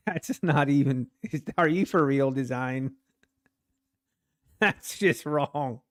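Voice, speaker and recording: A man streaming his day trading live, talking casually to his chat in an animated, self-mocking way, exclaiming in disbelief. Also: medium pitch, very slow, pauses often.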